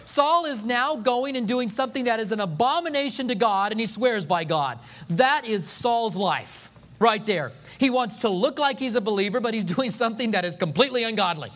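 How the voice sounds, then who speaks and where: A pastor giving a sermon, telling the story in an animated, joking way and acting out the scenes. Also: male voice, very high voice, moderate pace, hardly any pauses.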